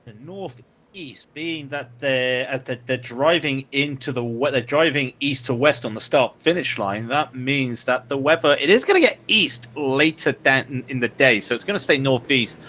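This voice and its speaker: A man's voice: medium pitch, normal speed, sharp tone, a little hiss or hum. A man with a West Country accent doing chatty, jokey co-commentary on a sim race, rambling and restarting often. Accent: West Country English. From England.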